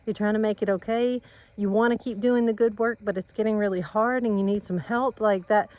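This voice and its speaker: A woman's voice: medium pitch, fairly even intonation, fairly quick. A woman chatting casually to viewers of her farm vlog while she walks outside, rambling and earnest. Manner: rambling, warm, talks to her animals and viewers. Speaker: vlogger on a family farm channel. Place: outdoors on a rural driveway and yard.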